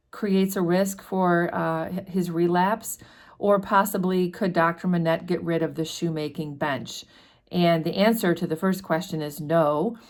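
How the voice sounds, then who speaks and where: Casual woman summarizing a classic novel. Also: on the low side. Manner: conversational, with fillers and restarts. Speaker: book discussion host. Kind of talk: casual book summary with read quotes.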